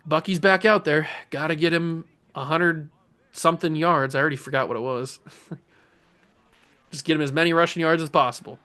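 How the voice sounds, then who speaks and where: Excitable man commentating a video game. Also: fairly high pitch, normal speed. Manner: excitable, jokey, talks to players on screen. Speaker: gaming YouTuber host.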